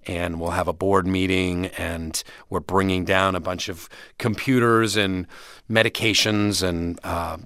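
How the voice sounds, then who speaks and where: A man telling vivid, rambling stories as a guest in a casual interview. His voice is bright and forceful, and the studio microphone sounds dry and close. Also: deep voice, fairly even intonation, a little slow, no room sound.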